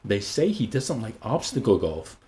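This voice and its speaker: A man's voice: lowish voice, very animated, normal speed, darkish tone. A man reading an audiobook voices a prim, conventional young woman in an earnest tone, close to his own voice.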